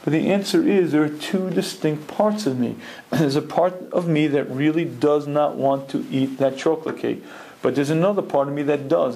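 A man teaching a humorous Torah lecture, telling stories with jokes and clearing his throat often. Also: a little high, warm tone, poor audio.

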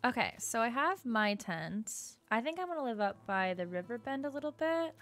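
A woman's voice: a little high, big pitch swings, moderate pace, slight background noise. A young woman giving casual gameplay commentary, bubbly and gushing, with lots of filler words. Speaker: gaming YouTuber. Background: soft game music.

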